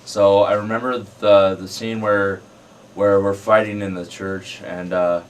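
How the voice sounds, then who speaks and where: A man's voice: lowish voice, little pitch movement, measured pace. A man, an actor, telling stories from a film shoot in a casual way, with frequent uhs. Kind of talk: casual anecdote. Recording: distant mic, faint hiss.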